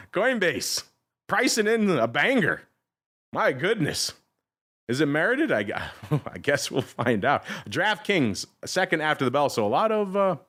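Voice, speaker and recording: A man hosting a podcast, reading through a fast market rundown and talking to listeners in an upbeat, chatty way. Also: fairly high pitch, a bit bright. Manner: upbeat, addresses listeners, quick list reading. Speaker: podcast host. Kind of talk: rapid-fire market rundown.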